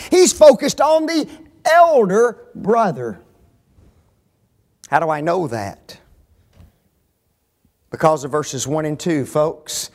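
Emphatic preacher, man, hushed to shouting. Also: high-pitched. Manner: emphatic, swings from hushed to shouting, rhetorical questions. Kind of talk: sermon.

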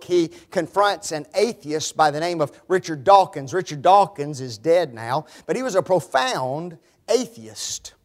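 This sermon comes from a man whose voice is notably high. He is emphatic, fires rhetorical questions at the crowd, and sneers when quoting the phrases he rejects.

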